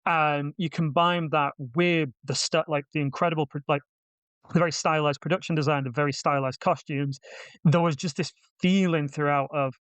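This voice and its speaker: A man hosting a film podcast, giving casual reviews in a wry, self-deprecating way with quick asides. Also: a little high, fairly bright tone, clean tone, dry recording.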